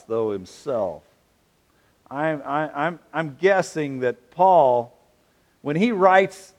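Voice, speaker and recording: A man preaching a sermon, playful and animated, drawing answers from his congregation. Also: high voice. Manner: animated, playful, asks the audience questions. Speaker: pastor.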